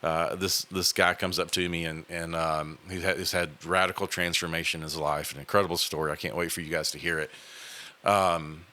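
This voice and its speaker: A man's voice: deep voice, level tone, a little fast, bright, forceful tone. A man, hosting a podcast and telling a personal story in a casual, earnest way, with many fillers and restarts. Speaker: podcast host.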